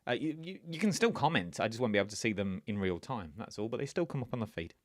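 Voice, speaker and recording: Male quiz host, lively pitch, rambling asides, dry close mic. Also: fast talker, no room sound. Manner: chatty and rambling, with many fillers and asides to viewers. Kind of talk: live-stream quiz hosting.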